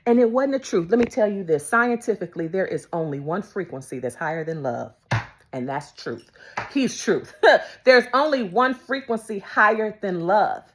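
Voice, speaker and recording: Expressive woman preaching, wide pitch swings. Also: normal speed. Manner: emphatic, swings from loud to whispered; repeats phrases for emphasis. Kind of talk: devotional sermon.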